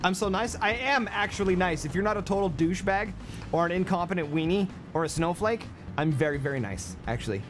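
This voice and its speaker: A man with a high-pitched voice talks through a game livestream, brash and joking as he coaches his viewers. Faint music sits under his voice. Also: a little fast. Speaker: game streamer.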